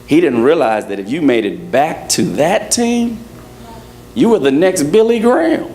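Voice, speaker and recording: A man preaching a lively sermon to his congregation, joking and acting out little scenes as he goes. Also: a little high, normal speed, slight background noise. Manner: playful, acts out quotes, laughs with congregation. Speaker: pastor. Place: church service.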